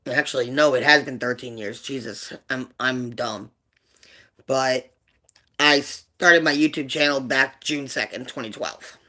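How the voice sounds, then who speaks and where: A man with a bright, forward voice tells a personal story on his livestream. He rambles, stops and restarts, leaning on fillers and repeated words. He turns quiet and emotional as the memories get painful. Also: mid-range voice, moderate pace. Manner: subdued and emotional when telling painful memories. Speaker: livestream host.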